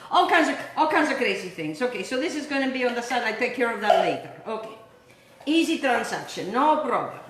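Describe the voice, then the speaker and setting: A chatty woman walks viewers through a recipe in her home kitchen, her high voice ringing bright. She keeps checking in with them, and the sound bounces around an echoey room. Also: slight background noise. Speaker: cooking show host. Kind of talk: casual cooking demonstration.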